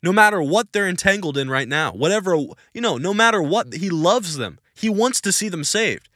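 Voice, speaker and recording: A man's voice: high voice, expressive, normal speed, sharp tone, no room sound. A man hosting a Christian podcast Q&A, answering questions in an emphatic, insistent, preachy way and repeating his points. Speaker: podcast host.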